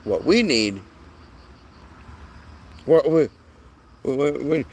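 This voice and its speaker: A man's voice: on the high side, animated, unhurried, creaky, long pauses, a little mellow, husky. A man delivering a rambling, profane monologue as the channel's host, often restarting his sentences.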